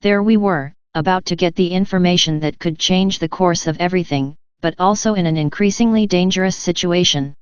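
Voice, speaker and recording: Reading a science-fiction tale told in the first person, a woman keeps her delivery even and measured. Her voice is low, clear and very smooth. The close, dry recording has no room sound and a somewhat dull lo-fi quality.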